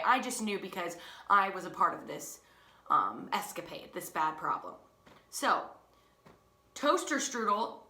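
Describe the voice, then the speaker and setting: A young woman teacher tells a story in an animated, chatty way and pokes fun at herself. Her voice is bright and forward. The room around her sounds echoey. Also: lowish voice. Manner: animated, chatty, self-mocking. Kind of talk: casual storytelling.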